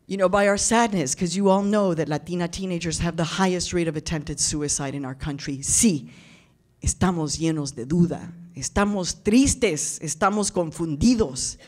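A woman delivering a passionate keynote speech, mixing in Spanish phrases and acting out quoted voices. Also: low-pitched. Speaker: keynote speaker. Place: large event hall with audience.

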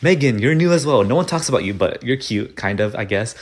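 A man's voice: mid-range voice, expressive, brisk, breathy edge. A man giving casual gameplay commentary, chatty and apologetic, talking to the game's characters as he goes. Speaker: video game player.

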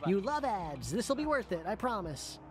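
A woman's voice: medium pitch, very animated, normal speed, close to an everyday voice. A woman voicing a perky detective assistant in a video game, chipper and encouraging.

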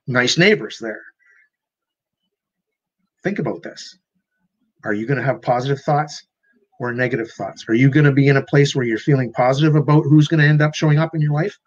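A man's voice: medium pitch, lo-fi sound. A man working as a life coach, giving an earnest motivational talk and often repeating and restarting his words.

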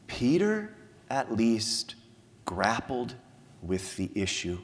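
A middle-aged man preaching a sermon as pastor, lively with many repeated words and fillers. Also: mid-range voice, takes it slowly. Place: church sanctuary. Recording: long church reverb.

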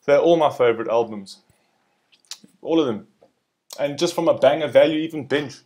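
A young adult man giving excited, chatty reaction commentary, often tacking "man" onto his sentences. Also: on the high side, moderate pace, pauses often. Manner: hyped and chatty, often ending phrases with "man". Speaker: music reaction host.

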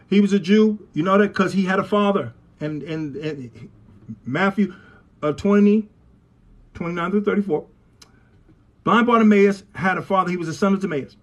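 High husky preaching man. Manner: builds to shouting, preacherly call and repeat. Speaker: pastor. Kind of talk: sermon. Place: church. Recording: live stream, voice at times off mic.

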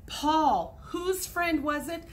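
A woman's voice: high voice, takes it slowly. A woman in her forties, a sixth grade teacher, patiently explaining grammar step by step in a recorded lesson for students at home.

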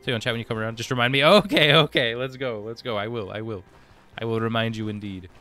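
This man from the United States reads his viewers' messages aloud and answers them casually while gaming on stream. He speaks fast in a medium-pitched, bright, forceful voice, with soft music in the background.

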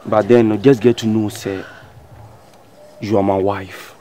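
A man's voice: fairly low pitch, level tone, unhurried, mellow, slight background noise, close to an everyday voice. A man with a Ghanaian accent playing an obsessive man who insists a married woman is his wife, in a web drama. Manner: insistent, pleading.

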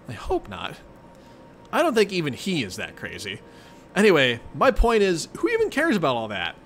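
A man's voice: mid-range voice, fairly bright tone, slight background noise. A man reading as a sarcastic teen boy hero.

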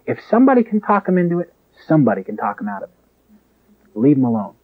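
A man voicing a stern, protective Irish mother in a low, firm voice, with an Irish accent. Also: sing-song, fairly quick, husky, no echo. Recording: tinny lo-fi recording.

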